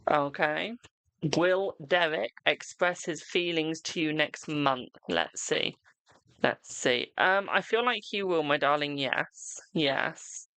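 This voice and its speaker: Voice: medium pitch, slow pace, pushed and bright, smooth, no echo. A tarot reader chatting on a live stream at home, reading cards for viewers and calling them "my darling" between frequent laughs. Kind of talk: casual live-stream chat and card reading.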